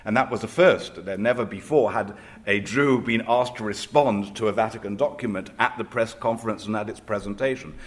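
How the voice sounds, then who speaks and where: A man from Israel, a rabbi, speaking on a panel in a measured, reflective way, with hesitations as he tells anecdotes. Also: lowish voice.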